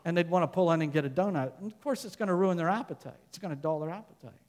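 High-voiced male pastor preaching in a reverberant hall. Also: very fast. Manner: preaching with rising emphasis, dropping to quiet asides. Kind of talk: sermon.

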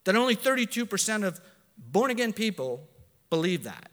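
A man preaching a sermon in earnest, swinging between soft asides and loud emphatic lines, correcting himself as he goes. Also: sits high, very animated, normal speed, long reverb tail. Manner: self-correcting, with fillers.

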